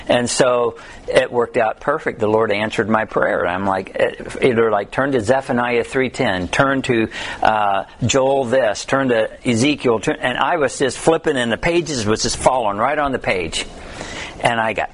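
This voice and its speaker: A man's voice: medium pitch, expressive, measured pace, fairly bright tone. Male Bible study teacher, conversational delivery with funny stories and scripture readings, faint background noise. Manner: conversational, tells humorous stories, reads scripture aloud.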